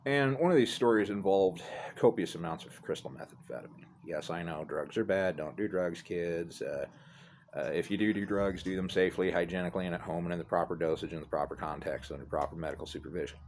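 A low-voiced, middle-aged man speaks at a quick pace into his own phone outside by some apartments, casually telling a rambling story full of profanity and self-mockery. A little hiss or hum is audible.

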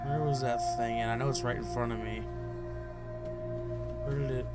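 A man's voice: mid-range voice, fairly even intonation, moderate pace, loud music behind the voice. A man giving joking commentary while playing a game, talking to himself and to game characters with mock outbursts, on a desk mic. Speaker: let's play gamer. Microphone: headphones and desk mic.

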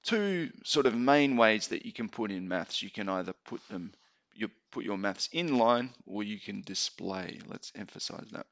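A man teaching maths in a relaxed tutorial, thinking aloud as he types. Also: on the low side, moderate pace. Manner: relaxed explaining, thinking aloud while typing. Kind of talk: screen-recorded tutorial. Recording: dull lo-fi home mic.

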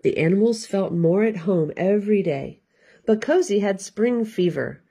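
A woman librarian giving an expressive, sing-song storytime read-aloud for children. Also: medium pitch, moderate pace, breathy edge.

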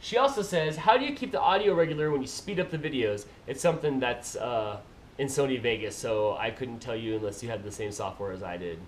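A man's voice: medium pitch, fairly quick, a little hiss or hum. A man vlogger who reads viewer comments aloud and answers them in a casual, playful way. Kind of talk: casual chat.

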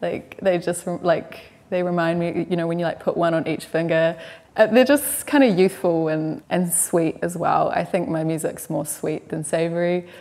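A woman's voice: lowish voice, fairly even intonation, normal speed, darkish tone, a little hiss or hum. A young woman, musing hesitantly as a musician guest, full of likes and ums. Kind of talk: relaxed interview chat.

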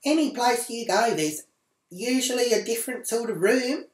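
A woman's voice: on the high side, lively intonation, normal speed, roomy sound. An Australian woman ranting crudely to camera as a vlogger, swearing freely as she tells her story. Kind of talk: foul-mouthed comic rant to camera. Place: small indoor room at home.

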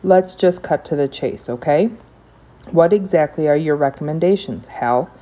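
A woman's voice: deep voice, normal speed, dark tone, natural voice. A woman reading aloud voices an uncomfortable, impatient father with a firm, clipped manner. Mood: gruff. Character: uneasy father, gruff and impatient.

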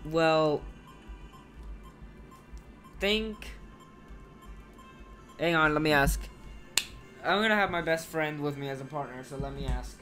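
A man's voice: a little high, takes it slowly, pauses often, bright, forceful tone, soft background music. A man giving casual gameplay commentary as a let's player, joking and reading game text aloud.

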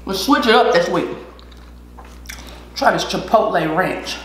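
A woman's voice: lowish voice, expressive, a little slow, a little hiss or hum. A woman chatting casually while eating on a mukbang vlog, laughing often and giving encouragement. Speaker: vlogger. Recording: echoey room.

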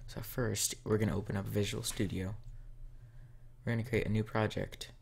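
A man's voice: fairly low pitch, flat delivery, normal speed, vocal fry, darkish tone, a little hiss or hum. A man hosting a casual coding tutorial, talking step by step while he types. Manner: talks step by step while typing. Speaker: tutorial host.

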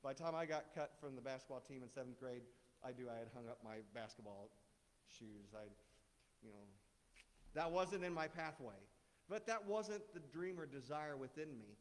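A man's voice: medium pitch, expressive, moderate pace. A middle-aged man giving a sermon in a casual, joking way, firing off rhetorical questions at the congregation. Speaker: guest speaker. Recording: long hall reverb.

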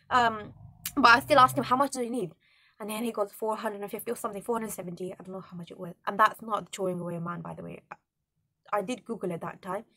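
A woman's voice: fairly high pitch, pushed and bright, no room sound. A young woman telling a story to camera in a casual vlog, indignant and rambling, with many restarts. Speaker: vlogger.

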